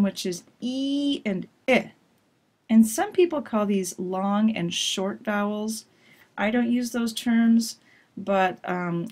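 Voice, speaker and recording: A woman teacher reviewing a pronunciation lesson in a clear, explanatory way. She models vowels by stretching them out and keeps an even, mid-range voice as she walks through the rules. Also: medium pitch. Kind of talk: recorded course review lesson.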